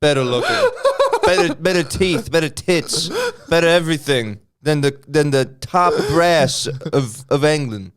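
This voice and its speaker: A man co-hosting a comedy podcast, trading crude banter in a rambling, halting way with repeated words. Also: on the high side, huge pitch swings, fairly bright tone. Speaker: podcast co-host.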